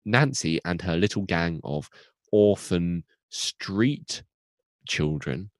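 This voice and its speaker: Brief: young podcast guy, low voice with a big swooping range, goofy rambling recap, dry close sound. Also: expressive, slow pace, no room sound. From United Kingdom. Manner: rambling, self-interrupting, acts out characters in goofy voices. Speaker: podcast co-host recapping an episode. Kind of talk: casual comic recap.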